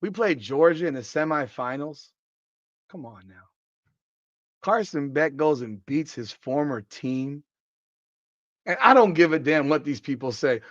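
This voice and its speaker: Hoarse guy ranting about football on a live stream, voice a bit high, dry dull lo-fi sound. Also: a little slow, pauses often, no room sound. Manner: excitable, profane, trash-talking fan. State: hoarse, voice worn out. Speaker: podcast host. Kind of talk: live-stream sports talk reading chat.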